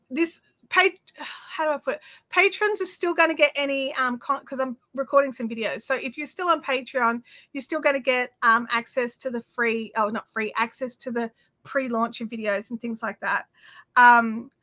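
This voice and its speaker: Hosting a craft livestream from home, an Australian woman speaks in a high, bright, forceful voice. She chats effusively with viewers and reads their comments aloud, her speech full of fillers and restarts.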